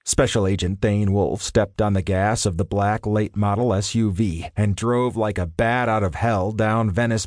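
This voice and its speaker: A man narrates an audiobook in a steady, measured way, his voice on the low side. The studio sound is close and dry with no room echo. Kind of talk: scripted narration. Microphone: studio microphone.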